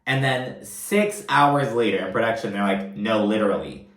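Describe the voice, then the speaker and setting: Guy doing a messy gossipy reality show recap, swears a lot, kinda low voice, echoey room. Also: normal speed, a bit bright. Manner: profane, gossipy, acts out quotes in voices. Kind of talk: casual recap commentary.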